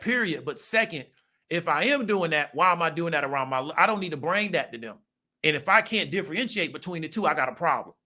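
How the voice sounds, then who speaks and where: A man's voice: on the high side, pushed and bright. A man, giving a casual monologue to his viewers and checking in with rhetorical questions. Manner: conversational, rhetorical "right?" check-ins. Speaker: channel host.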